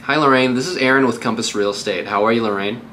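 A man's voice: mid-range voice, fast talker, pushed and bright, slight background noise. A man working as a real estate agent, giving a casual, upbeat tutorial on cold calling between live calls.

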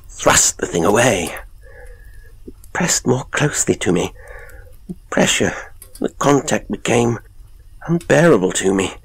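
Male reader as distressed scholar, husky and deep, agitated, for a horror audiobook. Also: no echo, full character voice. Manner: agitated, heightened, rising to cries. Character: shaken, proud male professor confessing his terror.

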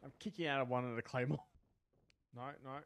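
A man commentating his own wrestling video game match. He is excitable, swears, and shouts at the game. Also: mid-range voice, brisk. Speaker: gaming channel host. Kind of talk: live gameplay commentary.

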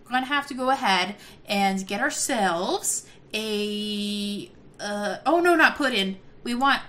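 A woman hosting a let's-play video, giving excitable casual commentary, gasping and laughing often. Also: fairly high pitch, a little hiss or hum. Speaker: gaming video host.

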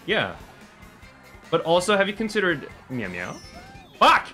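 An excitable man streaming a game, his voice bright and crisp and swinging widely up and down. He yelps, swears at the screen and breaks into playful meowing between casual chat. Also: fairly high pitch, normal speed, faint music behind.

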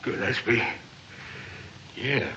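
A man's voice: medium pitch, drawn-out words, pushed and bright, slight background noise. A male actor in a classic film scene, curt and challenging, heard from a muffled old soundtrack.

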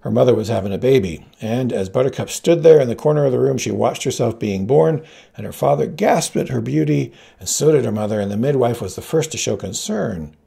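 A man reads a story aloud in a gravelly, husky voice. His tone is dark and mellow, and his pitch moves freely as he voices each character. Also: expressive, a little fast. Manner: reads all characters with shifting pitch, quiet narration tags. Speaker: audiobook reader. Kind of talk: scripted narration.

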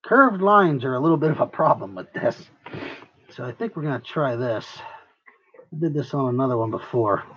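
A prop maker who hosts his own channel rambles and jokes with viewers while working on a craft project, in casual workshop chatter. His mid-range voice is animated with a breathy edge, at a moderate pace, and the highs are cut off.

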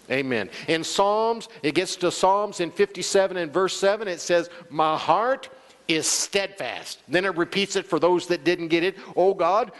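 A male pastor preaching a sermon, calling out to the congregation and acting out quoted voices. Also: sits high. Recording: long church hall reverb.

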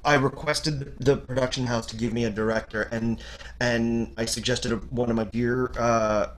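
A man from Canada, an audiobook narrator, chatting as a guest in an interview and getting animated when retelling. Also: medium pitch, normal speed, slight background noise. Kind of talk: casual interview chat.

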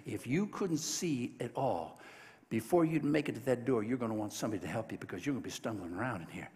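A man's voice: medium pitch, lively intonation, fast, darkish tone, long reverb tail. A man preaching a sermon, telling a Bible story in a folksy, joking way and acting out the voices. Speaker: pastor. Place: large church sanctuary.

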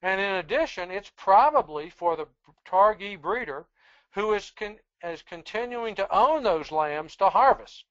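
A presenter giving a webinar lecture on sheep breeding in a measured, explanatory, plain-spoken way. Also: medium pitch, animated, a bit bright, dry recording, lo-fi sound.

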